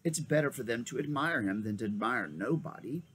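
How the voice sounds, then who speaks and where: Guy doing a fussy old wizard, high lilting old-man voice, bouncy storybook reading. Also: lively intonation, brisk, a bit bright, slight background noise, close to an everyday voice. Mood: genial. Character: old male magician, genial and fussy. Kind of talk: storybook read-aloud.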